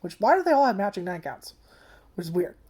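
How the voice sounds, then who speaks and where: An anime reviewer, this woman gives a casual, profane video review recorded on a camera mic, rambling with heavy use of "like" and at times turning emotional and tearful. Her mid-range voice is husky and a little mellow, with big pitch swings and a fairly quick pace.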